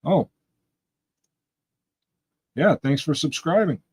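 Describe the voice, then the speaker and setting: A man's voice: on the high side, slow pace, a little mellow, slightly rough. A man from Western New York hosting a livestream, chatting casually and rambling as he talks to his viewers. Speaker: livestream host. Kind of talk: casual chat with live viewers.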